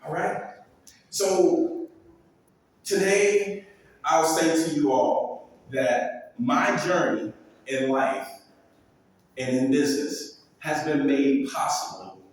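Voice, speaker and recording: A man's voice: a little high, takes it slowly, pauses often, recorded from a distance. A man, a builder, giving a storytelling speech to a live audience. He acts out the voices in his stories and delivers faith-filled calls like a preacher. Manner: animated, acts out dialogue in quoted exchanges. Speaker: builder and speaker. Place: large hall with an audience. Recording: echoey hall, voice picked up from afar.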